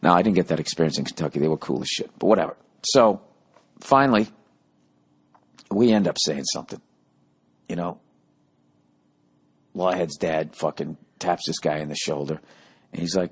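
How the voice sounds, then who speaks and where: Low-voiced man ranting a comic story. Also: normal speed, long pauses, breathy edge. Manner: ranting, sarcastic, heavy swearing, acts out both sides of arguments. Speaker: podcast host. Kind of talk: profane comic storytelling monologue.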